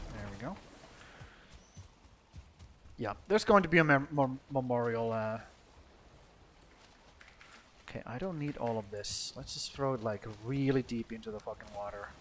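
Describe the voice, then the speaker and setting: A man's voice: mid-range voice, normal speed, a bit bright, a little hiss or hum. A young man from Finland giving casual gameplay commentary, swearing freely, joking and talking to his character. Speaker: let's play gamer.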